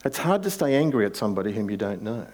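Male pastor, low-pitched, conversational sermon delivery with building emphasis. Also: sing-song, fast talker, a little mellow.

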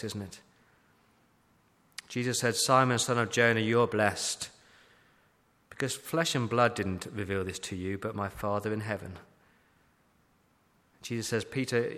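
A man's voice: on the low side, a bit bright. Man preaching a sermon in a reverberant hall. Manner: emphatic preaching with repeated rhetorical questions. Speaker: pastor.

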